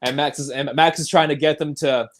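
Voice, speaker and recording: A man's voice: fairly high pitch, fairly even intonation, brisk, fairly bright tone. Enthusiastic man recapping a film. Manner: enthusiastic, recaps scenes and laughs often. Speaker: podcast host. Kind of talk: casual film discussion.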